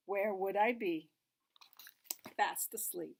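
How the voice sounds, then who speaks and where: A woman reading picture books aloud at a children's story time, playful and expressive, dropping to a soft hush for asides to the little ones. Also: mid-range voice, takes it slowly, creaky, long pauses, husky.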